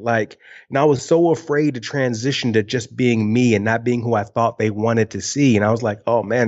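A man's voice: medium pitch, muffled recording. A man in his early forties from Michigan with a Michigan twang, talking frankly as a guest on a video call and swearing now and then. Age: early 40s. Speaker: guest, speaker and former TV host. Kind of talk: casual conversational interview.

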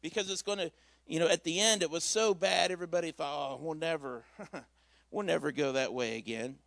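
High-pitched guy preaching in a church, folksy and chatty, dry sound. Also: a little fast, creaky, fairly bright tone, dry recording. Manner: conversational storytelling, folksy asides. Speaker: pastor. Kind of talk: sermon.

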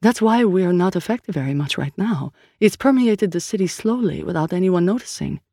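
Woman reading a composed, scholarly sorceress; measured and calm, dry close mic. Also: on the low side, husky, dry recording.

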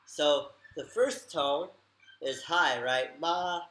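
A man hosting a casual group chat, asking short questions and leading the talk at a relaxed pace. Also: medium pitch, unhurried. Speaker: host. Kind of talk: casual group chat about learning Chinese. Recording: echoey room.

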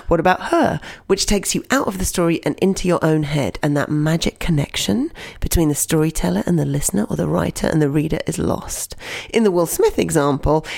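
Woman storytelling coach, audio blog lesson, playful and direct, lowish voice, very animated, gravelly fry.

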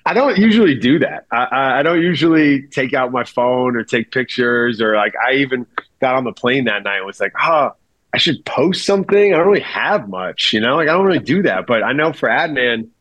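A man's voice: mid-range voice, expressive, fairly quick, fairly bright tone, no room sound, lo-fi sound. Easygoing male podcast guest, dry sound. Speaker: podcast guest, film critic. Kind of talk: casual podcast chat.

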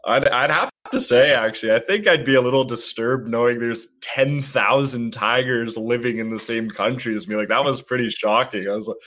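A man in a casual podcast chat, relaxed and a little hesitant. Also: mid-range voice, normal speed, hardly any pauses.

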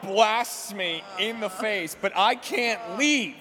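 A man co-hosting a podcast, telling a story in animated, laughing casual chat. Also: sits high, slow, big-room sound, heavy background noise. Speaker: podcast co-host.

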